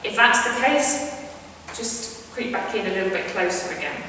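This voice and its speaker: A young woman dog trainer calmly explaining a training exercise, switching to high, bright praise for her dog. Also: moderate pace, slight background noise. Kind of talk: instructional demonstration. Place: indoor room at home. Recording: echoey room, voice from far off.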